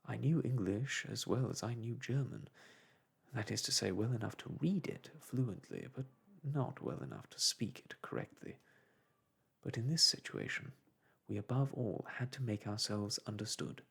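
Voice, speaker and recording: A man reading a classic novel aloud in a soft, hushed ASMR storytelling style. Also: mid-range voice, lively intonation, moderate pace. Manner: hushed, breathy and gentle.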